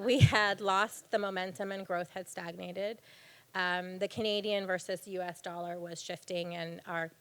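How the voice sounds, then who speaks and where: A woman's voice: medium pitch, a bit bright, clear, resonant tone. A woman in her thirties giving a candid, earnest personal talk to a live audience from a stage, with plenty of fillers. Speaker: speaker at a live storytelling event on failure. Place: event stage before an audience.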